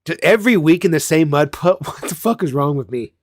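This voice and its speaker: A man's voice: a little high, animated, a little fast, dry recording. A man hosting a casual chat, telling rambling childhood stories with lots of swearing and laughing at himself. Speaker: channel host.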